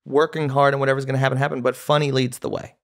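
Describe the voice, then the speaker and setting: A male comedian telling stories as a guest on a casual podcast, with an animated, storytelling manner. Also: mid-range voice, rapid-fire.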